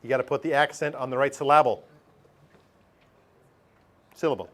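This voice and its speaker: A man's voice: mid-range voice, flat delivery, rapid-fire, a bit bright. A middle-aged man teaching a math lesson over a screen recording, chatty, thinking aloud and putting questions to himself.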